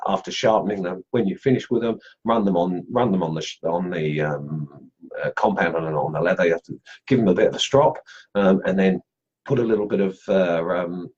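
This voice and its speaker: A middle-aged man with a low, husky voice chats loosely on a live stream, stumbling through fillers and restarting his sentences. The sound is dull and lo-fi. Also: a little mellow. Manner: rambling, many fillers and restarts. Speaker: host of a wood carving group live stream. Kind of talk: casual live stream chat.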